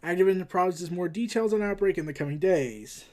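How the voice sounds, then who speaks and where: A man's voice: high-pitched, fairly quick, warm tone. Rambling man hosting a news show. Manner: rambling, sarcastic asides. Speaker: host. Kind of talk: casual news commentary.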